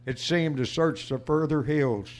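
A man performing on stage who introduces his own poem and then recites it in a measured way. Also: on the high side, a little mellow. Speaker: cowboy poet performing. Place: stage before a small audience.

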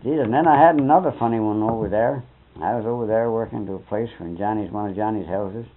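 On tinny, narrow-band old tape, an older man with a lowish voice talks quickly. He's an interviewee spinning folksy, rambling anecdotes in colloquial speech, dropping mild oaths here and there.

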